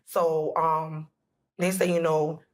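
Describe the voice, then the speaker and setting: A woman's voice: deep voice, little pitch movement, slow pace. A woman, telling an emotional personal story as a podcast guest, acting out what everyone said. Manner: emotional, retelling dialogue with many "I said, he said".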